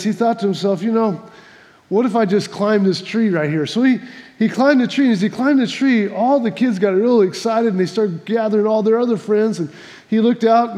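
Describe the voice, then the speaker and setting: A man's voice: high voice, dark tone, in a large hall. A man preaching a sermon, telling a folksy joke before reading scripture, with many restarts and repeats. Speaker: pastor.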